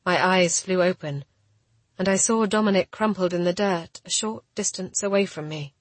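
Brief: woman narrator for a first-person novel, steady, husky timbre, dry studio sound. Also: fairly low pitch, normal speed, no echo. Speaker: audiobook narrator.

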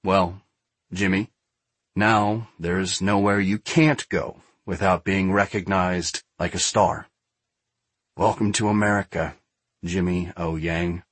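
A man reading a foreword aloud in a dry, measured way. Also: sits low, fairly even intonation, a bit bright, no echo. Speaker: foreword writer.

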